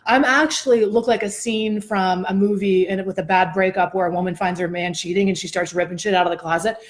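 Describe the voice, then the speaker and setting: A woman host telling a personal story in a casual chat, animated and expressive, often laughing. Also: mid-range voice, a little fast.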